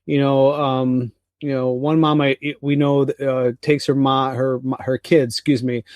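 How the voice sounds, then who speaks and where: A middle-aged man co-hosts a parenting podcast and tells stories in a loose, rambling way, restarting his sentences often. His voice sits at a middling pitch. The sound is dry and close, with no room around it. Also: little pitch movement, measured pace, darkish tone, smooth, no room sound. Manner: rambling storyteller with many restarts and fillers. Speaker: podcast co-host. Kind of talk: casual chat.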